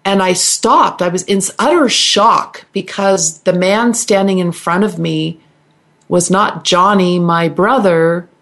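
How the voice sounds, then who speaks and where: A middle-aged woman, a guest healer, telling her personal story on a radio interview in an earnest, halting way, with restarts and repeated words. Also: lowish voice, fairly bright tone.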